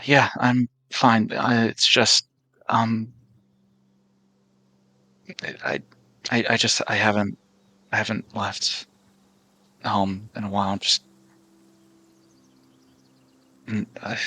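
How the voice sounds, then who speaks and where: A man's voice: lowish voice, pushed and bright, breathy edge, heavily acted. A man playing a jittery, stammering homebody. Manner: stammering, repeating himself. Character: nervous, sweating young man who rarely leaves home.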